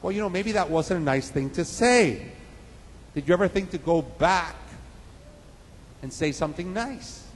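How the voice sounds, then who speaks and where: A man voicing an anxious, caring mother who warns her young son in a story told in a sermon, with hurried, fussing warnings. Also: sits high, lively intonation, long reverb tail, voice pushed up, poor audio. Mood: gentle.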